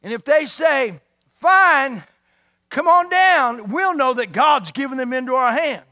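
A man voicing a daring young warrior prince who talks in a bold, loud and excited way. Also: extremely high pitch, a little slow, exaggerated voice.

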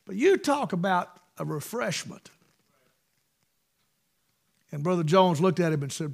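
A man preaches in a high, bright-pitched voice. He spins folksy stories from the pulpit, pushing hard on key words and then dropping to hushed asides. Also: sing-song, unhurried, gravelly, pauses often. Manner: folksy, emphatic, swings between loud bursts and hushed asides. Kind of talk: storytelling sermon.

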